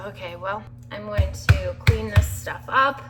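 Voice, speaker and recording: A woman's voice: medium pitch, slow pace, loud music behind the voice. Tired woman rambling in a video diary. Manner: rambling, emotional, laughing through sadness. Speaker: vlogger recovering from surgery. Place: home kitchen.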